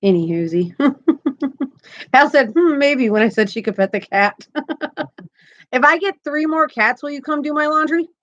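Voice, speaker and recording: A woman's voice: sits high, measured pace, pauses often, a bit bright, dull audio. A woman hosting a crochet live stream, chatting casually and upbeat, often laughing as she talks. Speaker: crochet channel host.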